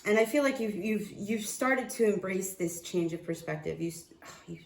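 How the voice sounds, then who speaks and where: A woman giving a casual tarot reading, excitable and profane, often restarting her sentences. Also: mid-range voice, moderate pace, creaky, echoey room, slight background noise. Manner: excitable, swears, laughs, trails off and restarts. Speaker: tarot reader.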